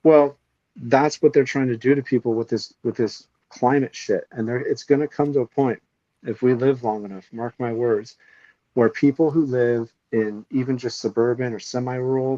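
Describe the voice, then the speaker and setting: A man's voice: mid-range voice, mellow, no room sound, muffled recording. A man co-hosting a podcast, ranting casually with heavy swearing and strong opinions. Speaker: podcast co-host.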